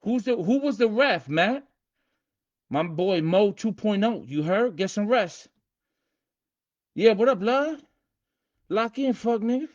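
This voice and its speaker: A man hosting a casual livestream, hyped and streetwise, repeating himself and shouting out viewers by name. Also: sits high, lively intonation, slow, long pauses, lo-fi sound. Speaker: livestream host teaching game rules.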